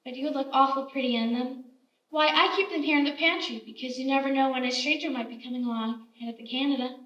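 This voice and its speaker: A woman's voice: high voice, quick pace, a bit bright, far from the mic, dull audio. A woman playing a chatty frontier baker. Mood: chatty scolding. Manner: motherly, scolding, chatty. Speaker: stage actor. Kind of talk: live stage play acting. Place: theater stage. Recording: roomy theater stage, heard from afar.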